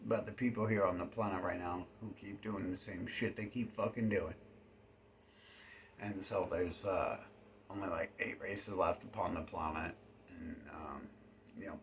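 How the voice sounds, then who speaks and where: Male vlogger, low-pitched, rambling profane monologue with hushed asides. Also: a little hiss or hum.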